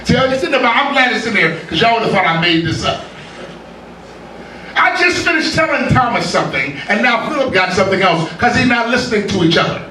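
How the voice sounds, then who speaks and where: Man, pastor, lively joking sermon, high and bright voice, echoey church from a distance. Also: brisk, a little hiss or hum. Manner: lively, joking, with laughter from the congregation. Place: church sanctuary.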